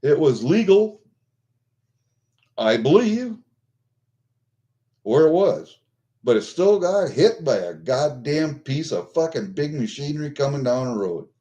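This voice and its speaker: A man's voice: fairly high pitch, big pitch swings, a little slow, pauses often, mellow. An older American man venting angrily on a vlog, swearing constantly. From United States. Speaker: vlogger.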